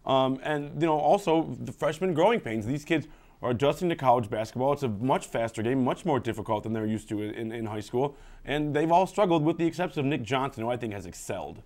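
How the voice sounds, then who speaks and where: A man's voice: medium pitch, expressive, fairly quick, a little mellow. A man giving confident sports analysis on a student TV show, rattling off statistics.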